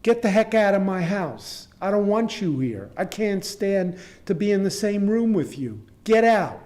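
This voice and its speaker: A man voicing a furious host who shouts at an unwelcome guest in a retold story. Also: high voice, big pitch swings, a little slow, voice pushed up. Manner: shouting, indignant. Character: furious wealthy man throwing a party.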